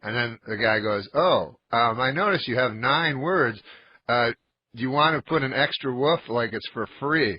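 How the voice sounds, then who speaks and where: A man from Canada telling a joke in a husky, flat, deadpan delivery, slow and halting. The sound is a little dull, like a radio broadcast. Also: mid-range voice. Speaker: comedian guest.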